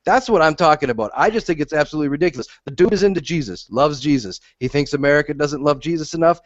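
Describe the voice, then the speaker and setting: A man's voice: a little high, expressive, quick pace, dry recording. A man co-hosting a podcast, arguing bluntly and emphatically in casual, profane chat. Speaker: podcast co-host. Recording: dull lo-fi audio.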